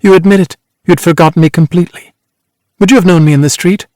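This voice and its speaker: A man voicing a worldly former actress, a woman with a brisk, teasing, cutting way of talking, in an audiobook reading. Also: sits high, fairly even intonation, a little mellow, dry recording, clean studio sound, pitched above the performer's own voice, natural voice.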